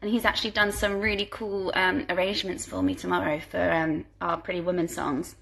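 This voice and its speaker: Bright, chatty woman on phone live. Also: fairly low pitch, little pitch movement, a little fast, vocal fry. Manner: chatty and giggly, reads out questions, coos at her dogs. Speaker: musical theatre performer hosting a fan Q&A. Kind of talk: casual live Q&A chat. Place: at home, indoors. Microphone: phone held at arm's length.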